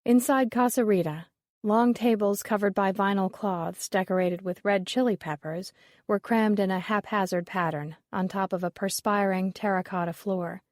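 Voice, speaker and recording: A woman narrating a mystery novel in a steady, measured reading voice. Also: medium pitch, no echo, studio quality. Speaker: audiobook narrator. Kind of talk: scripted narration.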